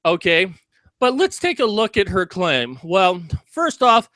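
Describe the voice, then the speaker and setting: A man giving an angry commentary rant, breaking into shouted, swearing outbursts. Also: sits high, sing-song, a little slow, dry recording. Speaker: video commentator.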